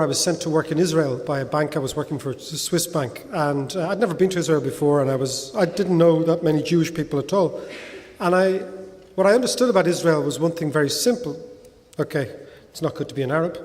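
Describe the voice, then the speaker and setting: Lively Irish man in a hall. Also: a little high. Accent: Dublin Irish. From Ireland. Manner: lively, conversational, rhetorical "right?" asides. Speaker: guest speaker. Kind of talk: talk with audience Q&A. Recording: hall reverb.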